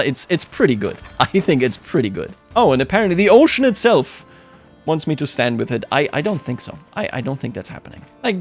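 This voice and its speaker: A man giving sarcastic, jokey let's-play commentary on a strategy game, often laughing at his own remarks. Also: medium pitch. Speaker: gaming YouTuber.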